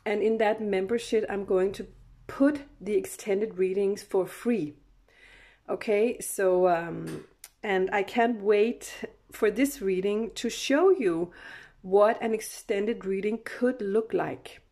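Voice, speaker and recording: Woman, tarot reader, slow unhurried delivery, casual chat, frequent laughs and fillers. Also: mid-range voice, dark tone. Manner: chatty, laughs often, many fillers and restarts. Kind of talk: casual tarot reading to camera.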